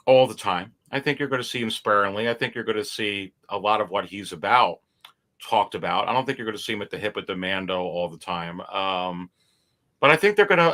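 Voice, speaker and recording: A man with a fairly low but bright, forceful voice talks on a livestream. He gets animated, repeats his words and laughs easily. He is heard over a video call. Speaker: guest toy collector. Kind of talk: casual chat on a livestream.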